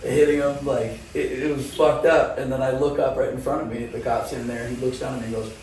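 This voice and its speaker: A man telling a wild story in casual talk, animated and swearing, laughing often. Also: medium pitch, fast talker, heavy reverb, far from the mic, a little hiss or hum, poor audio. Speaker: guest motorcycle rider.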